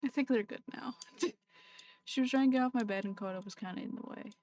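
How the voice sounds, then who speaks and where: A woman's voice: fairly high pitch, quick pace, darkish tone. A woman streaming a game live, chatting casually and talking to her pets between laughs. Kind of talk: casual live-stream chat while gaming.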